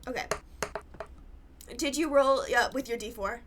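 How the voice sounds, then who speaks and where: Woman game master for a tabletop podcast; unhurried, halting narration, a touch high-pitched. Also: fairly bright tone, a little hiss or hum. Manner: hesitant, many fillers, laughs often.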